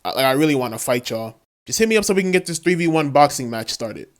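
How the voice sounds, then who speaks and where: A man's voice: mid-range voice, animated, fast talker. A young man narrating a comedic story from his school days in a casual, slangy, self-mocking way. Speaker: storytime vlogger. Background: music.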